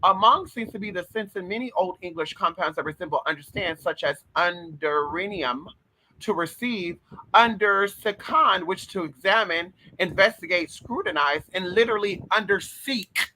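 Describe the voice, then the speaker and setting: A man with a high, piercingly bright voice, delivering a casual spiritual advice monologue as host. He is sassy and profane, animated throughout, and breaks into sudden shouts. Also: normal speed, poor audio.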